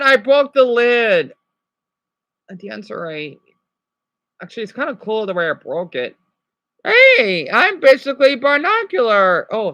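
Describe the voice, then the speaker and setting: A man's voice: high-pitched, a bit bright, no echo. A young man ranting on a live stream. He rambles, swears often and keeps apologizing. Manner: rambling, profane, quick to apologize.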